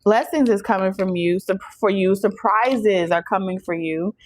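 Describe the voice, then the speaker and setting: A woman giving a casual channeled tarot reading, talking straight to her viewers in an animated, preachy way and laughing often. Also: medium pitch, moderate pace, slight background noise, low-quality recording. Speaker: tarot reader.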